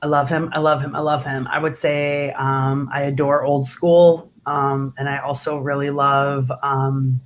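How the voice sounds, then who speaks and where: A woman's voice: extremely low pitch, little pitch movement, unhurried, few pauses. A woman comedian chatting in an interview, gushing and enthusiastic, filling her talk with "like" and laughing often. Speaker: comedian guest. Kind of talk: casual interview chat.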